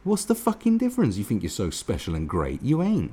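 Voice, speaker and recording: A man's voice: mid-range voice, huge pitch swings, brisk, few pauses, warm tone, breathy edge. A man giving a profane, mocking commentary rant as host of his own channel. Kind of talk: ranting commentary.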